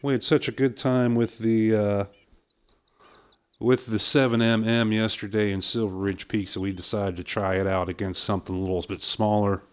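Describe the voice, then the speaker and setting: Middle-aged man, softened Pittsburgh accent, lowish smooth voice, chatty game streamer who leans on "uh" fillers. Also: little pitch movement, moderate pace. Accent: softened Pittsburgh American. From southwest Pennsylvania, USA. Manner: chatty, frequent "uh" fillers, easy laughs. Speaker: streamer playing a hunting game. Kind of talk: casual live-stream commentary.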